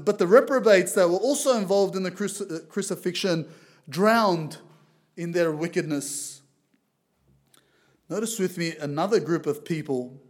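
A man from Lebanon preaching a sermon as a visiting preacher, reading scripture aloud in a loud, earnest way. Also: sits high. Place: church.

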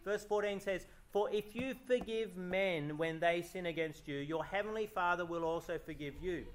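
Guy preaching in church, kinda high voice, lots of questions to the room. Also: moderate pace, few pauses. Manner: earnest preaching, rhetorical questions, reads scripture aloud. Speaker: pastor. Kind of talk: sermon.

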